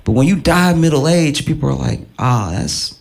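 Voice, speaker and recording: A man doing stand-up comedy, musing slowly with hesitant fillers. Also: a little high, creaky, background noise. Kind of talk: stand-up routine.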